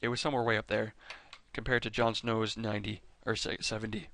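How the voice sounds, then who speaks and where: A man's voice: on the low side, little pitch movement, brisk, creaky, sharp tone. A man hosting a fan video, chatting casually over clips with enthusiasm, rambling and often stopping to correct himself. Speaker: fan video host ranking characters.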